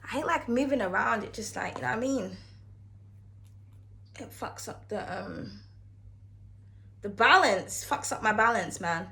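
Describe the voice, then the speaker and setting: A tarot card reader speaks in a medium-pitched, expressive voice that is bright, creaky and forceful, going a little slowly and pausing often. Reading to camera in a casual way, she is chatty and frank, curses freely and calls the viewer darling.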